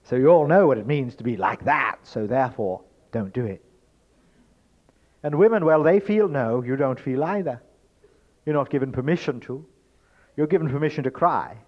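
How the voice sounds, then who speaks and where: A man giving a spoken lecture in an emphatic, rhetorical way, swinging between loud stresses and hushed asides. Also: medium pitch. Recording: dull lo-fi recording.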